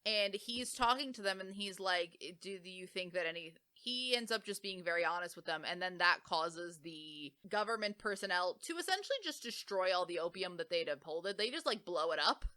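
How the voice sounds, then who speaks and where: Bright-voiced woman, chatty and rambling. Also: medium pitch, lively intonation, normal speed, hardly any pauses. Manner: rambling, heavy on "like" fillers, self-correcting. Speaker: podcast co-host. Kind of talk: casual book summary.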